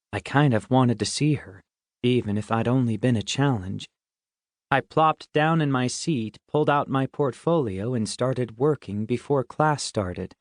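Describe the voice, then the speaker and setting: A man's voice: medium pitch, no echo, clean studio sound. A man reading a first-person middle-grade audiobook in a wry, conversational way. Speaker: audiobook narrator.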